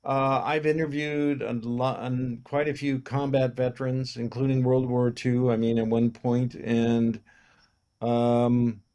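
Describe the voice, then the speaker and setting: A film producer tells anecdotes in a casual interview, speaking slowly at a medium pitch. He's an animated storyteller who acts out the lines of the people in his stories.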